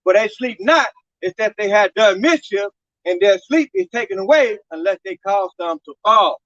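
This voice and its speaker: A man's voice: sits high, animated, moderate pace, fairly bright tone, dry recording, muffled recording. A man reading scripture passages and commenting on them, often repeating words as he starts a sentence. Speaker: group discussion participant.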